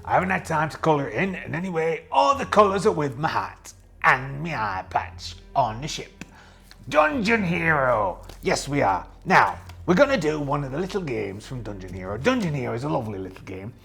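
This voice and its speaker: A man's voice: fairly high pitch, big pitch swings, normal speed, vocal fry, bright, forceful tone, full character voice. A man playing a young, boastful pirate captain who rambles as he runs a solo tabletop game and answers his own questions. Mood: jovial. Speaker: host and solo game player.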